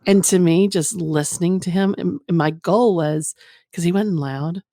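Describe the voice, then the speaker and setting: Frank low-voiced woman on a podcast. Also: normal speed, warm tone, no room sound, clean studio sound. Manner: frank and candid, rambling. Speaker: guest, former phone sex operator. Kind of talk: casual podcast chat.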